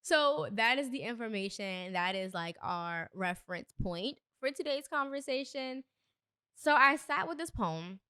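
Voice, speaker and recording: A woman's voice: on the high side, expressive, measured pace, sharp tone, clean tone, dry recording, clean studio sound. A young adult woman hosting a solo podcast, talking earnestly and a bit preachy, with emphatic bursts. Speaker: podcast host. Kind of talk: solo motivational podcast talk.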